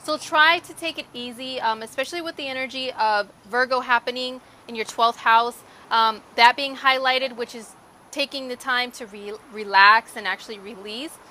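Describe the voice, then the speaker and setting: A woman astrologer talks through a horoscope in a relaxed, chatty way, often filling gaps with "like" and "um". Her voice sits fairly high and sounds bright and forceful. A faint noise hums underneath. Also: normal speed. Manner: chatty and candid, lots of "like" and "um". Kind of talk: casual horoscope reading.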